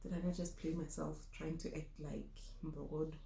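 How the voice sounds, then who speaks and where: A woman's voice: deep voice, flat delivery, a little fast, creaky, mellow. A young adult woman from South Africa with a South African accent, telling a personal story in a candid, emotional vlog and often trailing off and restarting. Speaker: vlogger. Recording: echoey room.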